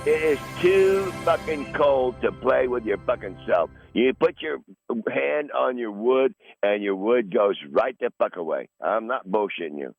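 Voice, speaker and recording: A man's voice: medium pitch, animated, a little slow, gravelly, breathy edge, no echo, faint music behind. A man in his sixties hosting a podcast, talking in a casual, rambling monologue full of profanity and repeated words. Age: 60s. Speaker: podcast host. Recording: dull lo-fi dry recording.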